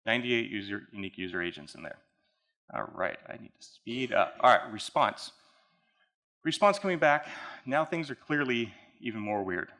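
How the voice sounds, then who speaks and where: A man presents a technical case study to a conference hall audience, keeping things casual and conversational. He speaks at normal speed with a mid-range voice that is animated, pushed and bright.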